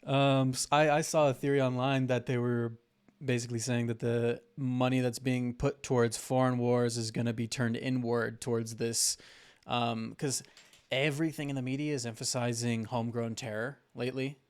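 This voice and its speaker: A man's voice: mid-range voice, little pitch movement, moderate pace, clear, resonant tone. A man co-hosting a podcast, casually talking through political theories with many fillers and laughing at his own points. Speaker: podcast co-host.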